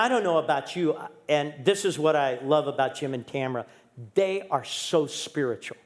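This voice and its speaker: A middle-aged man preaching in a church, telling a personal story with humor and candor. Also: a little high. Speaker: guest pastor. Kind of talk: storytelling sermon.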